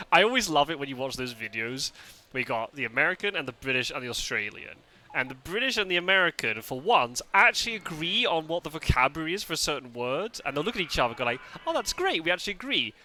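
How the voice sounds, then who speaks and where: A man's voice: mid-range voice, lively intonation, fast talker, pushed and bright. A Scottish man streaming a game live, chatting casually with his viewers, often laughing and restarting his sentences. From Scotland.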